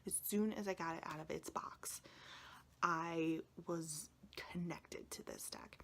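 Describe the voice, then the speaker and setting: Speaking in a low-pitched, creaky voice at an unhurried pace, a woman who makes tarot videos chats casually with vlog viewers. She is emotional and near tears, rambles, and frequently slips into a whisper.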